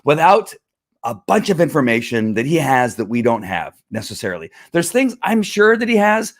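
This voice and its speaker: A man's voice: mid-range voice, sing-song, normal speed. A man hosting a live opinion stream, talking in a fired-up, rambling way, often restarting his sentences and answering comments from viewers. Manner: fired-up, talks back to critics, many restarts. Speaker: livestream host. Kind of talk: casual opinion livestream.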